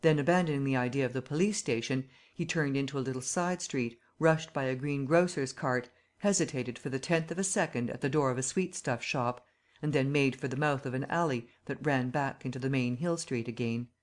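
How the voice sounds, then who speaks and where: Audiobook narrator, steady even reading, classic novel, mid pitch. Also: brisk.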